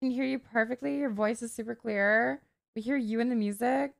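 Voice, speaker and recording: A woman in her twenties chatting casually on a live game stream, excitable and swearing freely. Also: a little high, moderate pace, gravelly. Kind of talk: casual live-stream chat while role-playing a game.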